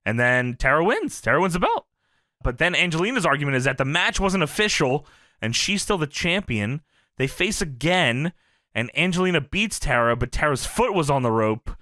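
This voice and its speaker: Animated, laughing podcast man. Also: normal speed, no echo, studio quality. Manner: laughs often, acts out quotes with big swings in pitch. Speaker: podcast co-host. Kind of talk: casual chat recapping wrestling.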